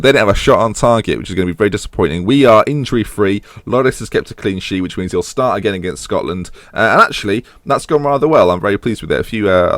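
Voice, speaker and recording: A man's voice: on the low side, no room sound. A young man giving chatty, wry commentary over a football management game, often breaking off mid-sentence. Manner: chatty, wry, self-interrupting. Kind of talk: casual gameplay commentary.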